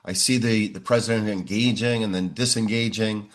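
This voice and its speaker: Measured older man with a low voice. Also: steady tone. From United States. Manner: measured, frequent "uh" fillers. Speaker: interview guest, professor. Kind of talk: interview answers.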